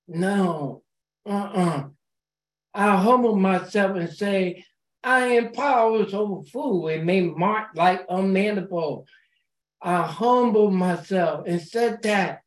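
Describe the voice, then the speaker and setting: A woman's voice: mid-range voice, unhurried, roomy sound. A woman sharing at a support group meeting, encouraging the room as she speaks, often repeating words as she restarts. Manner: warm, encouraging. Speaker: recovery meeting member.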